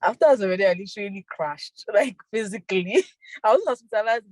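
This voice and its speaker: A young woman, an actress and filmmaker, giving soft-spoken casual interview answers with frequent laughs. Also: mid-range voice, big pitch swings, brisk, dry recording, poor audio. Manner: soft-spoken, laughs often, repeats words.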